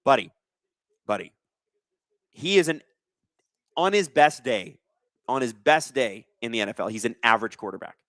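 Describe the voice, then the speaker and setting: A man's voice: medium pitch, animated, moderate pace, long pauses, a bit bright, no echo. A man hosting a casual live sports watch-along, reading chat aloud and joking sarcastically, with plenty of swearing. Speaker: livestream host.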